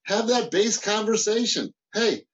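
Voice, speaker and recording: Male guest mentor, animated, stumbling restarts, lightly raised pitch. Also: normal speed, muffled recording. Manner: animated, frequent restarts and repeated words. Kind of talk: casual interview talk.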